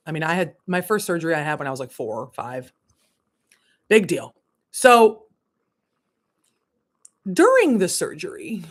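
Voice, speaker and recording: A woman spiritual coach tells a story on a casual livestream. Her voice sits a little low, but she jumps way up for the dramatic bits, curses freely and laughs as she goes. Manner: animated, swearing, laughing through the story.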